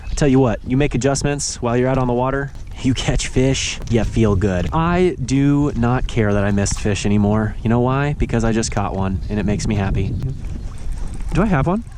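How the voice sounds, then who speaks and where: A man's voice: mid-range voice, moderate pace, a little mellow. A man vlogging while fishing from a kayak, chatting casually and swinging between frustration and cheer. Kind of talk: casual outdoor vlog narration. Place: kayak on a lake outdoors. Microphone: action camera. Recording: noisy outdoor action-camera audio.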